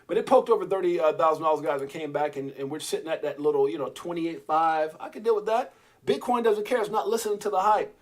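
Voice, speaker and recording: A man hosting a live crypto stream in casual chat, joking, excitable and talking straight to his viewers. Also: on the high side. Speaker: crypto livestream host.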